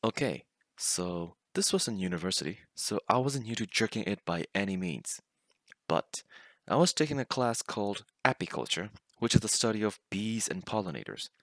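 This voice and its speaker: Man, low-pitched, casual storyteller, chuckling as he reads, dead dry sound. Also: very animated, moderate pace, a bit bright, no echo. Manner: amused, often laughing as he reads. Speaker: storyteller reading online stories. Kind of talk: casual narration of funny stories.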